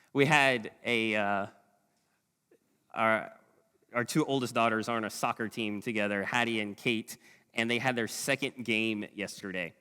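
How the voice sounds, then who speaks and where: Animated pastor in an echoing church. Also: male voice, on the low side, smooth. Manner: animated, chanting a call-and-response war cry. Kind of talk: sermon. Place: church hall. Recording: long hall reverb in a church.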